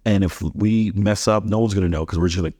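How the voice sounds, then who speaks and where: A man's voice: sits low, steady tone, fast talker, mellow, no echo, studio quality. A man in his thirties hosting a podcast, talking earnestly and telling anecdotes, often restarting his sentences. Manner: earnest, repeats words when starting, tells anecdotes. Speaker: podcast host. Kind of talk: casual conversation.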